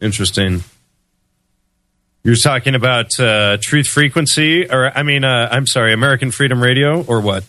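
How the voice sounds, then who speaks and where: Bright-voiced man, guest on talk radio. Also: mid-range voice, normal speed, no room sound. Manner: hesitant, many fillers. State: unwell, recovering from fever. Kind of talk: casual talk radio interview.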